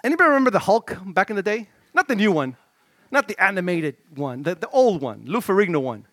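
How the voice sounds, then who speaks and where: This middle-aged male preacher talks fast through a lively, conversational sermon. Stammered restarts break up his delivery, which shifts between shouting and quiet murmuring, and the sound carries no echo.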